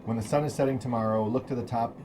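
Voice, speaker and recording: A man player reading a heartfelt letter aloud during a tabletop game, steady and earnest. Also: medium pitch, fast, background noise.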